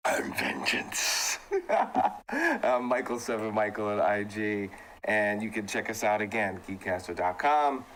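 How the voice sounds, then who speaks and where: Bright-voiced man hosting a casual show. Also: lowish voice, normal speed, a little hiss or hum. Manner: loose, rambling sign-off with fillers. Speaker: podcast host and producer. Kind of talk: casual panel chat, signing off a live show.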